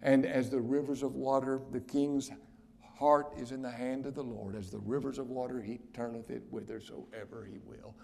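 A man preaching a sermon as pastor, with loud emphatic declarations that drop to hushed near-whispers and slow, weighty stresses on key phrases. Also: medium pitch, fairly even intonation, vocal fry.

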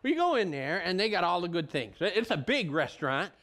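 A man's voice: high-pitched, big pitch swings, a little fast, a bit bright. A male pastor giving a conversational sermon in a folksy, rambling way, often restarting his sentences and drifting into asides.

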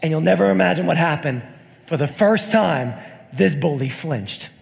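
A young man preaches with a very high, gravelly voice, calling out to his congregation and rising into shouted, sing-song peaks. The sermon is recorded live in a church hall with a long echo. A faint congregation can be heard behind him. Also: lively intonation, fairly quick. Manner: storytelling with call-outs to the congregation. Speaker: pastor.

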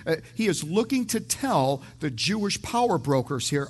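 Pastor guy preaching, kinda high voice, stammers into his sentences, cracks little jokes. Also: animated, moderate pace, hardly any pauses, a bit bright. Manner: conversational, repeats words when starting sentences, mixes in jokes. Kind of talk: verse-by-verse sermon.

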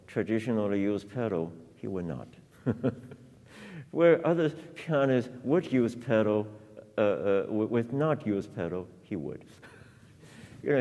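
A low, gravelly male voice unhurriedly reminisces and explains, pausing with fillers and chuckles. He is a piano teacher leading a master class. The sound rings with the long reverb of a large hall. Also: mellow. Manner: reflective, storytelling with frequent laughs and fillers.

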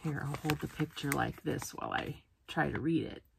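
A woman's voice: sits low, normal speed, creaky, background noise. A woman teacher reading a picture book aloud for a phonics lesson, sounding out words letter by letter.

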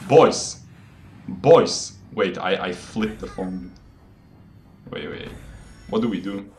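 A man's voice: on the low side, takes it slowly, darkish tone, slight background noise. Laughing, boastful young gaming streamer guy. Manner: boastful, playful, laughs often, calls viewers boys. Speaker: game streamer. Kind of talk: joking live gameplay commentary.

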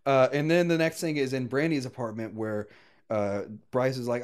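A man co-hosting a casual movie-review podcast, recapping scenes and quoting lines with lively intonation. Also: medium pitch, normal speed. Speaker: podcast co-host.

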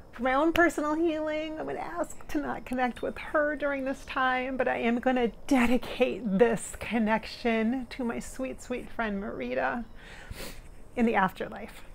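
A woman's voice: on the high side, vocal fry, a little hiss or hum. A middle-aged woman working as a spirit medium talks casually to her viewers. She is earnest and emotional, laughs often and tears up. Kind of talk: casual monologue during a channeling session.

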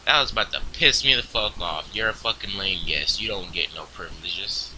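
A young man casually commentating his online game, crude and profane, rambling quietly and then suddenly yelling at other players. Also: low-pitched, normal speed, a little hiss or hum, rough recording. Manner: crude, profane, swings into loud outbursts. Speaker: gaming video host.

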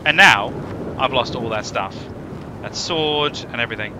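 A man commentating his own gameplay, rambling and self-mocking, with loud sudden exclamations. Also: mid-range voice, moderate pace, background noise. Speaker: gaming YouTuber.

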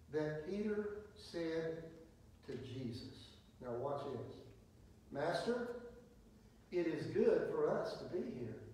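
A man preaching, folksy and emphatic, leaning on dramatic pauses. His voice sits a little high for a man. He sounds far from the mic in a very echoey room with a faint hiss. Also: mellow. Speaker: pastor leading a Bible study. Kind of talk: sermon-style Bible teaching. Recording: very echoey room heard from a distance with faint noise.

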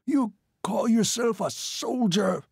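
A man voicing a shrill, pompous male transport tycoon in an audiobook, raspy and indignant. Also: slow, no room sound, studio quality, exaggerated voice. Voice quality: shrill, rasping.

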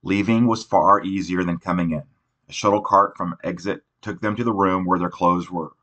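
A man narrating an audiobook in an unhurried reading voice, now and then restarting a word. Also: sits low, fairly even intonation, a bit bright.

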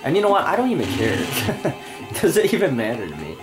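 Fast and on the high side, with huge pitch swings, this young man curses nonstop as he plays a video game. He's irritable and ranting, and game music plays behind his foul-mouthed let's-play.

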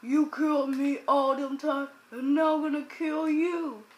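A woman's voice: sits high, little pitch movement, a little slow, darkish tone, roomy sound. A woman quoting an angry male player out for revenge, in a threatening tone. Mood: vengeful.

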